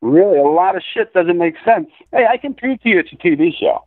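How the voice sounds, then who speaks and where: This call-in interview guest launches into a profane conspiracy rant, insisting and lecturing as he goes. His high voice is animated and fairly quick, without echo, and the phone line sounds tinny.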